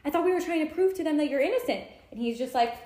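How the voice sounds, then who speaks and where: Young woman podcast co-host, lively plot recap, roomy echo. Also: high-pitched, very fast. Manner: animated plot recap, acting out characters' lines. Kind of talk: casual chat.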